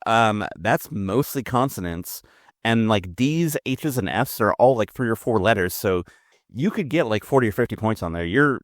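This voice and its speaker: A man's voice: mid-range voice, no room sound, studio quality. Playful man co-hosting a chat podcast. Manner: jokey, laughs often, playful. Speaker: podcast co-host. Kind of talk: casual chat.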